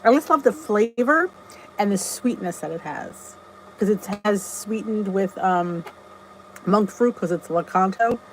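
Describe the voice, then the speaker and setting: A woman's voice: mid-range voice, expressive, unhurried, slight background noise, low-quality recording. Chatty woman hosting a live stream. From New Jersey. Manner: chatty, greets viewers by name, laughs at herself. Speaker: channel host. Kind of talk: casual live-stream chat.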